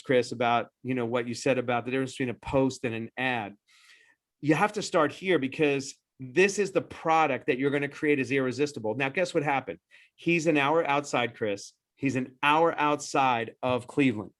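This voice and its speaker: A man presenting as a dental practice-growth consultant in a webinar, pitching persuasively in quick bursts with frequent restarts. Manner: persuasive, animated sales-style pitching.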